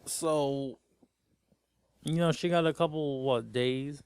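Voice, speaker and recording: A man's voice: on the high side, takes it slowly, a little mellow, smooth, dry recording, studio quality. A man giving a casual, rambling TV episode recap as host, sounding exasperated throughout.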